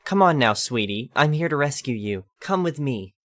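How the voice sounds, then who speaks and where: A man voicing a pushy, self-righteous older woman who accuses a stranger, raised high and sharp. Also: animated, normal speed, close to an everyday voice. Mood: coaxing. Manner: high sharp accusing tone, syrupy when coaxing the child.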